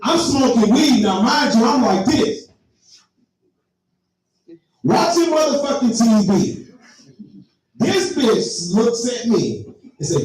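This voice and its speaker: A man's voice: very high-pitched, very animated, slow pace, long pauses, darkish tone. A man telling a profane story in a stand-up comedy set, talking straight to the crowd. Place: live comedy venue. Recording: echoey room, heard from far off.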